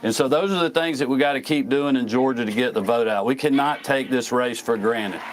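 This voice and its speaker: A middle-aged man with a drawl answers a TV interviewer, pitched in an ordinary male range. He speaks deliberately, building his talking points step by step with frequent pauses. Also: rough recording. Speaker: governor being interviewed.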